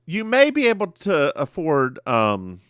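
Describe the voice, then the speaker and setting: A man's voice: on the high side, wildly swooping pitch, unhurried, a bit bright, clear, resonant tone, no room sound, clean studio sound. A man with a Southern US accent co-hosting a podcast, chatting sassily and playfully about a TV episode. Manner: sassy and playful, calls his co-host girl. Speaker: podcast co-host. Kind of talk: casual chat about a TV episode.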